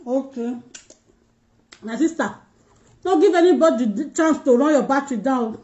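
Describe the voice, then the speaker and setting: A woman's voice: high-pitched, expressive, moderate pace, long pauses, warm tone, highs cut off. Chatty Nigerian woman on a livestream. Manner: chatty, mixes pidgin, addresses viewers directly. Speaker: livestream host. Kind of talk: casual livestream chat while eating.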